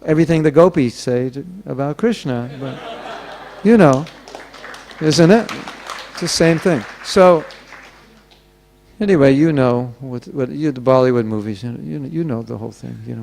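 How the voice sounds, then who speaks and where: A man's voice: mid-range voice, normal speed, gravelly, a little mellow, a little hiss or hum. A man giving a sermon at a temple gathering, telling stories and acting out the voices of the people in them. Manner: storytelling, acting out quoted voices. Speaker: temple speaker.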